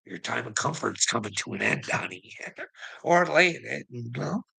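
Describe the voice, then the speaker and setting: A man's voice: medium pitch, very animated, a little slow, creaky, pushed and bright, breathy edge. A man ranting profanely at someone, mocking and angry, with laughs between lines. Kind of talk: ranting livestream talk.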